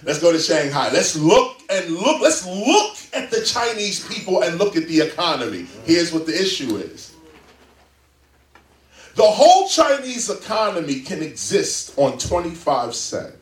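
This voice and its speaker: Animated high-voiced man lecturing a crowd. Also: unhurried. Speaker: interview guest. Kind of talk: talk before a live audience. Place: public library event room. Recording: roomy, distant mic.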